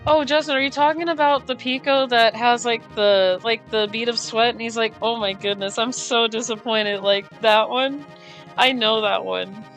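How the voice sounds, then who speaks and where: A woman's voice: on the high side, normal speed, fairly bright tone, soft background music, rough recording. A woman streaming a racing game live, chatting casually with viewers, greeting them by name and giggling often. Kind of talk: casual live-stream chat while gaming.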